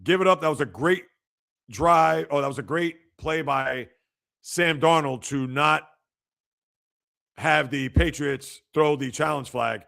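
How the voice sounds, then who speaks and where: Man, sports podcast host, gravelly voice, slightly high pitch, reads out chat comments. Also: slow, long pauses. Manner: animated, talks back to viewers' comments.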